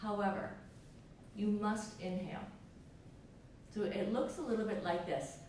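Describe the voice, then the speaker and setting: Woman yoga teacher, gentle and encouraging, mid pitch; recorded from a distance in a very echoey room. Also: a little slow. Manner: gentle, encouraging, asks the listener questions. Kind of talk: guided yoga class instruction. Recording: echoey room, mic far off, faint hiss.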